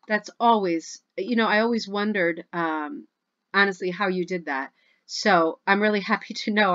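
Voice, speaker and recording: A woman's voice: mid-range voice, a bit bright, dull audio. A woman hosting a rug hooking club video, chatting at home in a gushing, chatty way as she reads and reacts to posts. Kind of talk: casual chat reviewing social media posts.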